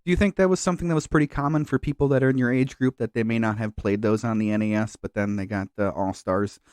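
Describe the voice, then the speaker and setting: Here a podcast co-host talks fast in a lowish, darkish voice that keeps a steady tone. He rambles casually, full of fillers and false starts. The audio is dry and studio-clean.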